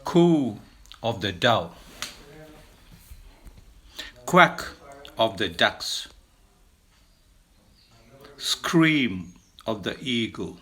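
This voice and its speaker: Very slow, deliberate male language teacher. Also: animated, pushed and bright. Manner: slow, deliberate listing, lifts pitch to mimic sounds. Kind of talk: slow vocabulary lesson.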